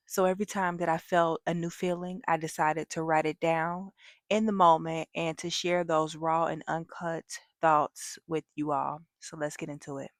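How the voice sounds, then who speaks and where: Lowish-voiced woman talking candidly. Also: no room sound, clean studio sound. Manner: candid, reflective, many fillers and restarts. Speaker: vlogger. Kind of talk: personal vlog monologue.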